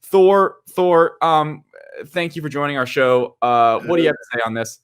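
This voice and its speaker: Emphatic man with lively pitch. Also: moderate pace, clear, resonant tone. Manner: opinionated, emphatic. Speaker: podcast co-host. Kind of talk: casual movie chat.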